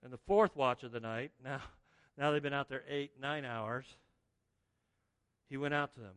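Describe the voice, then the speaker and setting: A man preaching a sermon as pastor, telling the story in an animated way and acting out the scenes. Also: mid-range voice, moderate pace, clear, resonant tone. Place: church sanctuary. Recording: long reverb of a large hall.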